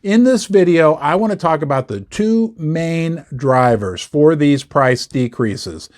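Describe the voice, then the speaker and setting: A man with a rather high, animated voice and a darkish tone hosts an investment video on the metals markets, taking his time. His scripted commentary to camera is emphatic, repeating words for effect and tossing in sarcastic asides.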